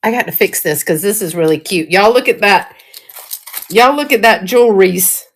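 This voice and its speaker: A woman's voice: mid-range voice, normal speed. A middle-aged woman with a Southern US accent, chatting casually and folksily while showing thrifted jewelry, often breaking into giggles. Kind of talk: casual live-stream chat.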